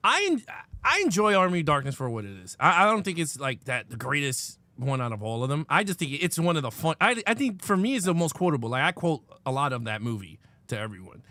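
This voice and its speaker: A man co-hosting a casual live film review, talking fast and loose and laughing a lot. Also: fairly high pitch, dry recording. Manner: animated, laughing often, reenacts movie lines. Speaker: co-host.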